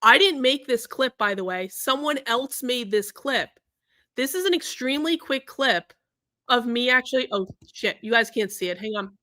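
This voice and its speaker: A woman hosting a livestream rants to her viewers in a heated, profane and emphatic way. Her voice sits high and sounds crisp and bright. The sound is close and dry, with no room echo. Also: lively intonation, moderate pace. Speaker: livestream host.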